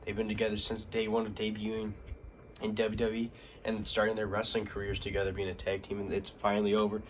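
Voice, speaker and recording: A man with a fairly low voice hosts a casual wrestling recap. He rambles, leans on fillers like "um" and "like," and grows excitable as he goes. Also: slight background noise. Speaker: wrestling vlog host.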